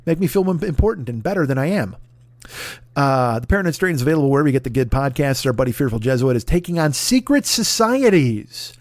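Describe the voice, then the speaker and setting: A man in his forties hosts a podcast, plugging it in a casual, comedic way with profane, rambling, mock-boastful talk. His voice is medium-pitched and darkish, with lively intonation and a fast delivery. The recording is dry and of studio quality.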